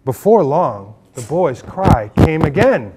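In a public library, an author reads his picture book aloud to a group of children, leading them in call-and-response. His voice swings widely in pitch as he tells the story at a slow, unhurried pace, with a noisy background behind him.

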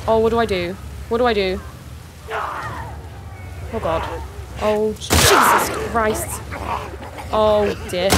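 A woman's voice: mid-range voice, low-quality recording. A woman commentating on her own horror gameplay, panicky, swearing and exclaiming often. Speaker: gamer playing a horror game. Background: loud game music and sounds.

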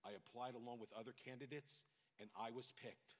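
A man's voice: medium pitch, fairly even intonation, a little fast, background noise. A middle-aged pastor from New York with a New York accent, preaching a sermon and exhorting his congregation with rising intensity. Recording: long hall reverb.

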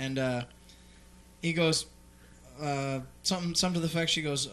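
A man's voice: medium pitch, quick pace, a crowd in the background. A man co-hosting a casual radio show, telling rambling stories and acting out the people in them. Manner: rambling storyteller, acts out characters. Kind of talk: casual studio banter.

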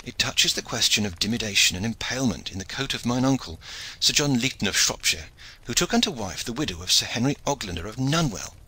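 A man's voice: mid-range voice, animated, a little fast, pushed and bright, breathy edge, low-quality recording. A man reading an audiobook, voicing a courteous and precise medieval knight with formal speech.

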